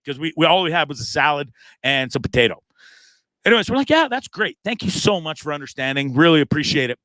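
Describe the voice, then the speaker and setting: A man hosting his own live show, telling a long story in a casual, animated way, acting out the other people in it and swearing freely. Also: on the high side, fast, no echo. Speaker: host.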